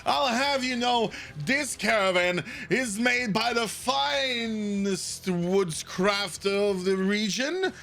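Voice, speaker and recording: A blustering noble with a high, pinched, bright voice and a gravelly edge, shrill with indignation, as a dungeon master puts him on. He talks in circles and demands to be taken seriously in this tabletop game. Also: slow, hardly any pauses, full character voice. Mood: haughty. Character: pompous, indignant male noble merchant.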